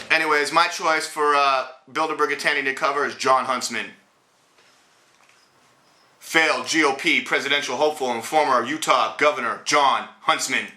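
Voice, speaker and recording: A man's voice: mid-range voice, normal speed, sharp tone. Male host for a ranting political vlog, blunt and sarcastic, recorded in a roomy, echoey space. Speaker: host of a political commentary show.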